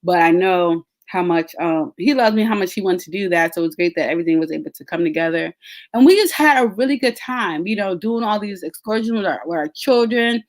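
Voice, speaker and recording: A woman's voice: fairly low pitch, fairly quick. A woman, a podcast host telling a story in casual, chatty talk straight to her listeners. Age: 30s. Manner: chatty, addresses listeners as y'all.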